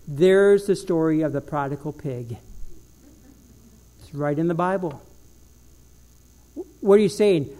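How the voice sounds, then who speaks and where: A man preaching a sermon as pastor, telling an animated story and dropping to a slow, low voice for emphasis.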